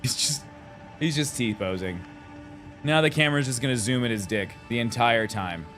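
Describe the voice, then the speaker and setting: A man's voice: medium pitch, moderate pace, a bit bright, soft background music. A young man streaming a game live, rambling and joking about what's on screen with sing-song asides. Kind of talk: live gameplay commentary.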